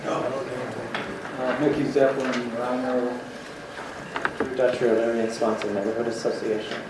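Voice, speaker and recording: A man's voice: mid-range voice, flat delivery, normal speed, distant mic. A man giving a short, hesitant introduction as a neighborhood association member. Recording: echoey room recording from afar with noise.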